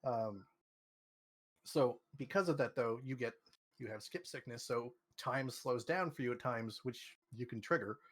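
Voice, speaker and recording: Mid-pitched guy on a gaming podcast, deadpan and relaxed, lots of ums and uhs. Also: a little slow. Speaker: podcast co-host. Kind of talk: casual gaming chat.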